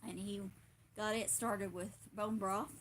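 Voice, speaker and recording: A woman's voice: medium pitch, fairly even intonation, a little slow, a little hiss or hum. Talkative lady hosting a homestead live chat, rambly, laughs a bunch. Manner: chatty, rambling, laughs often. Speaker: homestead livestream host. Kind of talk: casual chat.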